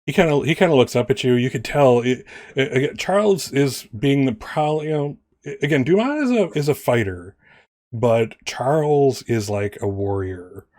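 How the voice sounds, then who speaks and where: Rambling game master, dry voice. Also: male voice, medium pitch, animated, moderate pace, darkish tone, dry recording. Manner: rambling, self-correcting narration. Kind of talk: narrating a tabletop game.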